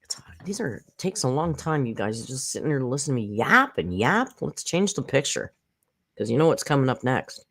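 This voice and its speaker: Snarky, animated woman commentator. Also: extremely low pitch, fairly quick. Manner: snarky, profane, rambling with fillers. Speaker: commentary channel host. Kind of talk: casual live reaction commentary. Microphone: close desk mic.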